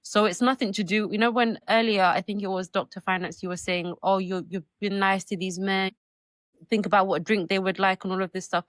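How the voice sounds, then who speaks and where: A woman's voice: mid-range voice, fairly even intonation, a little fast, dry recording. Uk woman on a live panel call, blunt and fluent, dry close sound. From United Kingdom. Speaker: panel guest. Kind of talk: live online panel discussion.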